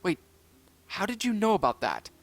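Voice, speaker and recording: A man's voice: high-pitched, wildly swooping pitch, moderate pace, dry recording, voice pushed up, exaggerated voice. A man doing an angry young pup. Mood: confused. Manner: shouting, snarling. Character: hot-tempered young male pup.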